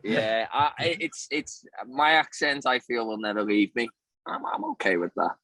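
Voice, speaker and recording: A man's voice: mid-range voice, expressive, normal speed, pushed and bright, no echo. A man from the north of England with a Northern English accent, a band member joking and making fun of himself in a casual interview. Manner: joking, self-mocking.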